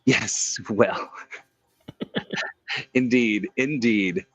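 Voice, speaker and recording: A man's voice: fairly low pitch, extremely slow, fairly bright tone, breathy edge, dry recording, lo-fi sound. A man co-hosting a livestream chat show, joking and reading chat messages aloud. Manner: jokey, reads chat aloud. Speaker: co-host. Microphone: remote call.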